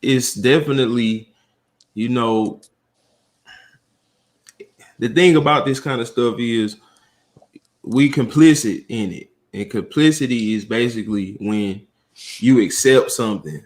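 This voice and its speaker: A man from Atlanta, a guest on a livestream, speaking slowly and thoughtfully with many pauses and fillers. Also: mid-range voice. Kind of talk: casual livestream chat.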